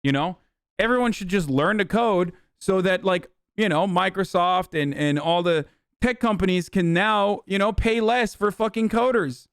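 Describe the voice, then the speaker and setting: A man's voice: high voice, moderate pace, a bit bright, smooth, dry recording, clean studio sound. A man hosting a live stream, reacting to a news clip with heated, blunt and profane commentary. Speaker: streamer host.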